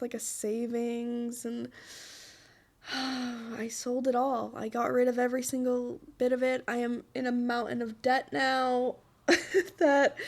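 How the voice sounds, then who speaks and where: Podcast host, woman, late twenties, from Utah; slow, high, emotional personal monologue. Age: 20s. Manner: emotional, laughing through tears; pleading, earnest.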